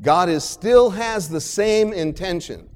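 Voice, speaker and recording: A man preaching a sermon slowly and emphatically, repeating key phrases like a chant. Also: sits high, darkish tone. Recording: long hall reverb.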